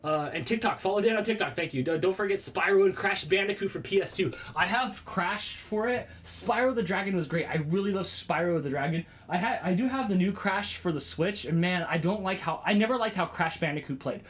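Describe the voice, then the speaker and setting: A man in his thirties with a fairly high voice, chatting loosely with his viewers on a livestream from home. He rambles from one thing to the next and breaks into excited exclamations. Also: fairly quick, hardly any pauses. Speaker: vlogger hosting a livestream. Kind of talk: casual livestream chat with viewers.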